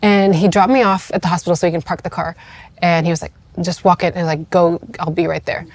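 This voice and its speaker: Fast-talking woman telling a story. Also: lowish voice, fairly even intonation, a little mellow. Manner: chatty, many "like" fillers, acts out quoted voices. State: tearful at moments. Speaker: guest. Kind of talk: casual storytelling.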